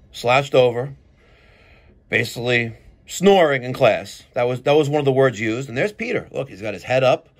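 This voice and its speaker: A man ranting angrily to his viewers. He swears a lot and swings between shouting and muttering. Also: medium pitch. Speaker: plumbing business owner and show host. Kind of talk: ranting monologue to camera.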